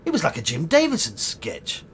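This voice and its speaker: Pompous sweary blowhard. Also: male voice, a little high, wildly swooping pitch, a little fast, fairly bright tone, a little hiss or hum. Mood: grandiose ranting. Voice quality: theatrical, grandiose, sweary outbursts. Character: pompous, foul-mouthed, combative self-styled great man. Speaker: would-be actor in a sitcom. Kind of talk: sitcom acting.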